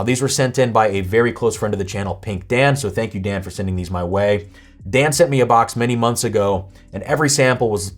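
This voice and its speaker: Chatty man, a bit hoarse. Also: on the low side. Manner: relaxed, chatty, thinks aloud with small restarts. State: slightly losing his voice. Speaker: host. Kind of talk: casual whiskey tasting review.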